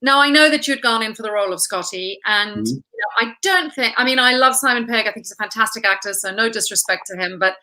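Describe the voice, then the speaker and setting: A woman hosts an interview with a fairly high, very bright and forceful voice. She sounds enthusiastic and playful, and she pays her guest compliments as she chats. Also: fast talker, hardly any pauses, rough recording. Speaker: interview host. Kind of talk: casual interview chat.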